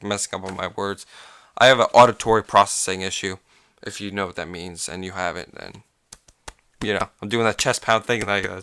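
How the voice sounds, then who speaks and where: A man's voice: fairly low pitch, bright, forceful tone, no echo, clean studio sound. Rambling, swearing young man. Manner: rambling, restarts and swears often, loses his train of thought. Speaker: podcast host. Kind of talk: casual solo podcast storytelling.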